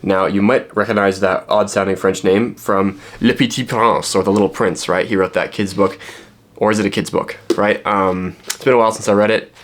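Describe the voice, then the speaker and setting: A man's voice: on the low side, fairly even intonation, moderate pace. A man vlogging a book haul in a casual, rambling way, full of fillers and joking asides.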